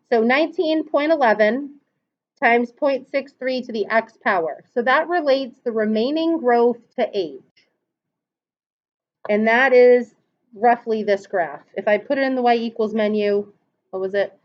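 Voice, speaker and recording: In a dull lo-fi recording from a classroom, a woman with a slightly high, animated voice teaches math at a measured pace. She patiently guides the students through each calculator step and quizzes them as she goes.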